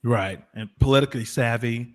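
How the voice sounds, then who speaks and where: A man's voice: mid-range voice, a little fast. A man on a livestream panel who talks wryly and hedges with frequent fillers. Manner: wry, hedging with fillers. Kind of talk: casual livestream panel chat.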